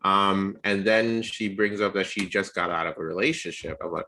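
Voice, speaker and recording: A young man co-hosting a podcast, telling a dating story in a casual, animated way and acting out the quotes with a jumping voice. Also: normal speed, few pauses. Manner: animated storyteller, acts out quotes with rising pitch. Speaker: podcast co-host.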